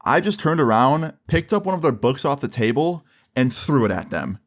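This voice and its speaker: A young man casually telling a story, with a relaxed, loose delivery full of fillers and some swearing. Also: mid-range voice, normal speed. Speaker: storyteller vlogger.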